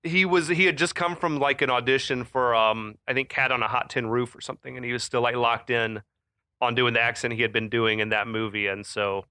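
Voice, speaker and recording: Podcast co-host, male, bright dry voice, loose chatty delivery with lots of "like" and "um". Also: mid-range voice, fairly even intonation, a little fast, smooth, no room sound. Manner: chatty, laughs often, many fillers. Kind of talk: casual chat.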